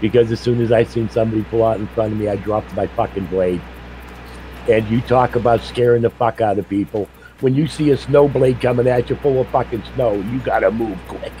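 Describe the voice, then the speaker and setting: A middle-aged man with a somewhat low voice chats casually while streaming a game. He tells stories bluntly and swears constantly, laughing at his own tales. A faint noise sits behind him. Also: steady tone, brisk, dark tone, low-quality recording. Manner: blunt, profane storytelling with laughs. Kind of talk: casual chat while gaming.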